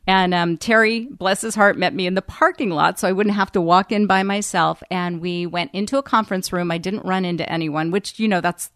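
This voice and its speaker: A woman in her forties speaks in a fairly low voice, candid and chatty, often pausing on ums. She is a radio personality recounting events as a guest in an interview, close to the mic in a dry, dead room. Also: fairly even intonation, fairly bright tone, no room sound. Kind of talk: candid storytelling in a podcast interview.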